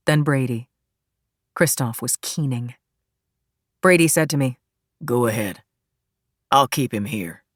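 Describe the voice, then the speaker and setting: A woman's voice: low voice, no room sound, clean studio sound. A woman reading a first-person crime thriller as audiobook narrator, in a tense, dramatic manner.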